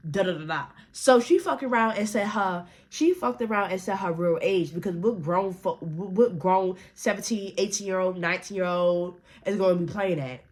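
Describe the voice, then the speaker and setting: A young woman, retelling a story in a casual, animated, profane and slangy way, acting out other people's lines. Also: medium pitch, normal speed, few pauses.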